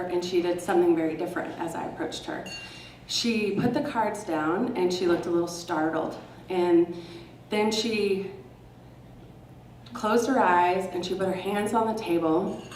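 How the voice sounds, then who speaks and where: A woman's voice: lowish voice, moderate pace, darkish tone, a little hiss or hum. A woman from Texas telling a personal story to a live audience, sarcastic and casually profane, often laughing. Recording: roomy hall, mic at a distance.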